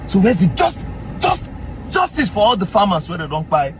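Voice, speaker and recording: A man with a Nigerian accent, ranting in mocking commentary and often shouting. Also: high voice, sing-song, normal speed, over music.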